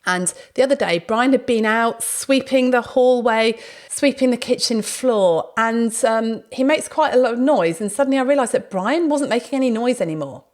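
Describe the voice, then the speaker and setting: A woman hosts a podcast in a casual, chatty way, with a voice sitting a little high. She tells stories with energy and slips into other people's voices when she quotes them. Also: moderate pace. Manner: lively storytelling, acts out quoted speech. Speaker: podcast host. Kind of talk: casual talk and anecdote.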